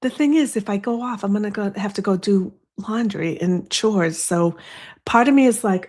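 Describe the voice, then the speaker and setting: Her voice sits at medium pitch with a somewhat dark tone and a moderate pace. She's a Boston-accented woman from the US East Coast running a casual home livestream in front of a snowy window, chatting, rambling, and turning aside to talk to viewers via a desk microphone.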